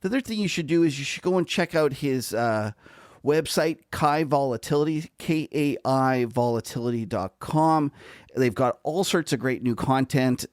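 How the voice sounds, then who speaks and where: A man with a Canadian accent co-hosting a markets podcast, chatting in a relaxed, conversational way. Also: mid-range voice, dry recording, clean studio sound. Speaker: podcast co-host. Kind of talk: casual podcast chat.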